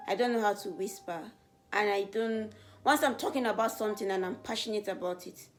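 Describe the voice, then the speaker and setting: A young woman from Africa answers viewer questions in a relaxed, chatty way. She is earnest, and when something excites her, her voice climbs higher and louder. Faint music plays quietly behind her. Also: fairly quick. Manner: animated, voice rises when excited. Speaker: beauty vlogger. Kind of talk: casual get-to-know-me Q&A.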